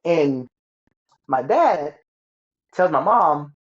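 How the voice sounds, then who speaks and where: As an interview guest, a man recounts a painful childhood story, stumbling, repeating words and acting out the voices of the people he quotes. His voice is on the high side at a normal speed, and the recording is muffled.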